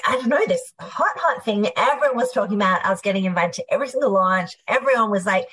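A middle-aged Australian woman, a guest entrepreneur, tells her story in a lively, fast conversational way, full of "like" and asides. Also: mid-range voice, breathy edge. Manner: animated, fast, filler-heavy, uses "like" often.

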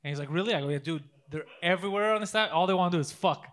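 A man's voice: sits high, rapid-fire, a bit bright. A man in casual podcast chat, telling crude prank stories with lots of laughter.

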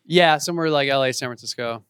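Smooth-voiced man telling lively anecdotes. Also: medium pitch, fast, dry recording. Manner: animated, acts out quoted voices in his stories. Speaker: interview guest, actor and author. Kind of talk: casual storytelling in an interview. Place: home in Los Angeles.

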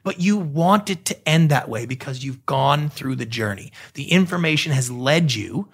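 A middle-aged man, a guest on an interview, explaining ideas in a lively conversational way and acting out little quoted exchanges. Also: mid-range voice, moderate pace, slightly rough. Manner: animated storyteller acting out quoted voices. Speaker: guest, TV producer and pitch coach.

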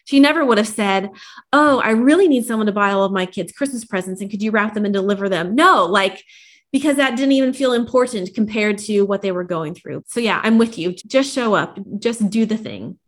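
A woman author, a guest on a podcast, speaking in a quick, animated way. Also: mid-range voice. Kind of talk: casual podcast conversation.

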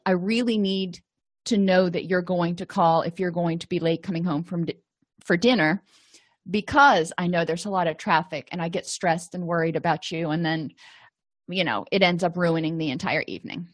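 A woman's voice: lowish voice, steady tone, moderate pace. A woman teaching therapy skills to clinicians in a conversational way, often acting out short sample dialogues. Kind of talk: lecture to clinicians.

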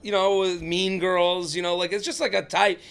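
A man's voice: high voice, flat delivery, normal speed, creaky, fairly bright tone. A man in his thirties, a comedian guest on a podcast, rambling casually with lots of fillers and acting out quoted lines. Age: 30s.

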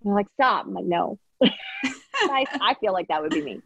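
A young actress chatting in an interview, telling stories in a giggly, animated way. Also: female voice, mid-range voice, normal speed, breathy edge, no room sound, poor audio. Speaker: actress interviewed about a series. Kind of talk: casual interview chat.

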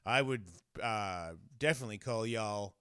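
A man's voice: lowish voice, moderate pace, a bit bright, smooth, no echo, clean studio sound. A man with an Australian accent hosting a casual show, laughing often and swearing freely. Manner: laughing, crude, swearing a lot. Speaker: host. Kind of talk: casual live show chat.

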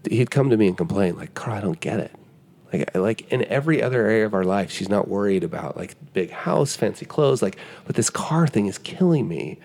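Gravelly-voiced man telling stories. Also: fairly low pitch, a little fast, few pauses. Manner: animated storytelling, acting out dialogue. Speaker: podcast guest. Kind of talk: conversational explanation.

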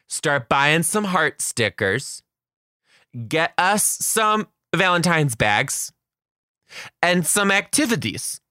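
A man's voice: fairly high pitch, pushed and bright, no room sound, studio quality, voice pushed up, heavily acted. A man voicing his kindergarten class lecturing their teacher as if they were adults, in a bossy, demanding way.

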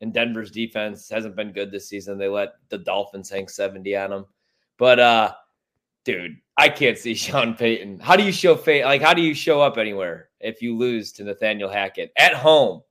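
A man's voice: on the low side, normal speed. A man from Chicago hosting a casual sports talk show, swearing freely with strong opinions. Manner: profane, animated and opinionated. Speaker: sports radio host.

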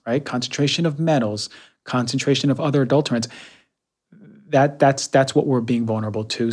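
A man hosting a podcast, talking casually and reviewing products, repeating himself with fillers. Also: medium pitch. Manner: chatty, repeats words, many fillers. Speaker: podcast host.

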